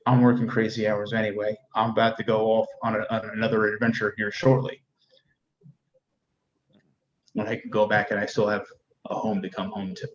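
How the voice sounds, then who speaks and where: Low-voiced middle-aged man, lo-fi call. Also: flat delivery, fast talker. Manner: candid, rambling, with repeated restarts. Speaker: Army first sergeant, guest. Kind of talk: casual conversation. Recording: dull, lo-fi sound with faint noise.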